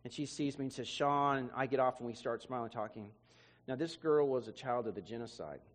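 A man's voice: medium pitch, quick pace, a little hiss or hum. A man preacher telling an emotional testimony in a sermon, often repeating words as he goes. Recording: long hall reverb.

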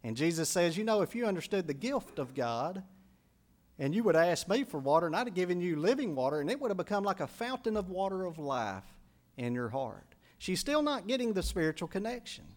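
Guy with a high voice preaching, earnest storytelling sermon, acts out the quotes. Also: big pitch swings, fairly quick. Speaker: pastor.

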